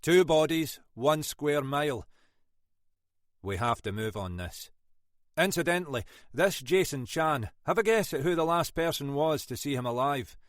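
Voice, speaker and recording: A shrewd Scottish detective inspector, as a male narrator plays him, asking pointed questions in a lively, rising and falling voice. He speaks slowly and drily, close and clear. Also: on the high side, no echo, pitched above the performer's own voice. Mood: brisk. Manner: dry, probing, quietly commanding.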